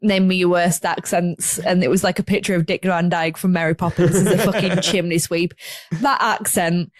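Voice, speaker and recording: A woman's voice: fairly low pitch, steady tone, moderate pace, dry recording. A woman, co-hosting a podcast in blunt, sweary, laughing casual chat. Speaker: podcast co-host.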